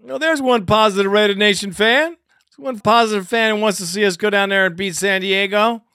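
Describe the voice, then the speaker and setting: A man's voice: high-pitched, fairly quick, bright, forceful tone, smooth, dry recording, studio quality. A male host taking calls on a fan call-in show, loose and swearing.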